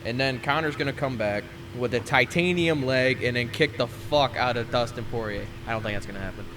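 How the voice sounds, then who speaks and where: A man's voice: mid-range voice, a little fast, noisy background. A man co-hosting a casual podcast who makes blunt predictions and swears freely. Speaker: podcast co-host.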